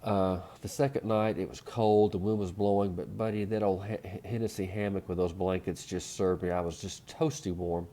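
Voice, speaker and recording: A man's voice: low-pitched, fairly even intonation, moderate pace, hardly any pauses, mellow. A man, easygoing and full of fillers, telling trail stories as a casual voice-over recap. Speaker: thru-hiker vlogger.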